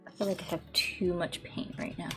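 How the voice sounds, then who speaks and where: A young woman with a slightly low voice chats her way through a painting stream, rambling and restarting her sentences. Faint music plays softly behind her. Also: steady tone, normal speed. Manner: rambling and chatty, many "like"s and restarts. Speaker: VTuber streamer. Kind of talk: casual chat while painting on stream.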